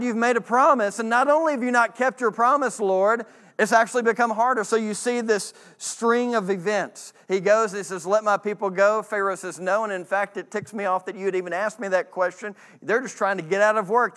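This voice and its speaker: A man preaching a sermon, acting out quoted voices higher and dropping low and quiet to read scripture. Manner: animated, acts out quoted voices in a higher pitch. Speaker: pastor.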